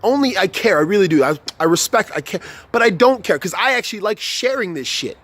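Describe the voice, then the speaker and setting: A young vlogger rants to camera in an unscripted motivational tirade, swearing heavily, stumbling, restarting sentences, repeating himself, and getting more heated. His voice is high-pitched, animated, fairly quick, and fairly bright.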